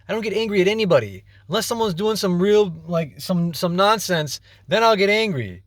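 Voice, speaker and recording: A man's voice: high voice, expressive, fairly quick, no echo, studio quality. A young man ranting casually to camera as a vlogger, exasperated and rambling, repeating himself and swearing.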